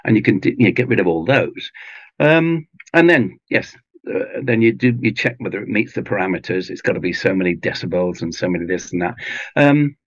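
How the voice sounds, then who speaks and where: A man with an English accent, chatting in an interview in a relaxed, rambling way with many ums and restarts. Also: on the low side, fairly quick, no room sound, lo-fi sound. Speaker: audiobook narrator guest. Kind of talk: casual interview chat. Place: home garage booth with foam pads.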